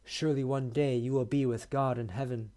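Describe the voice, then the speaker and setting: A man reading the lines of a remorseful beggar woman in a short story, soft and pleading. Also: mid-range voice, fairly even intonation, a little fast, close to an everyday voice.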